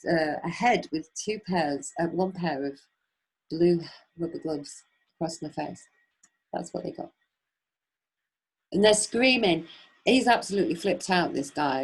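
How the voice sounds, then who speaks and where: A woman telling a long personal story on a webinar, animated, acting out the voices she quotes, with many restarts. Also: fairly low pitch, creaky, slightly rough, low-quality recording. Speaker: webinar speaker. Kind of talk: casual storytelling.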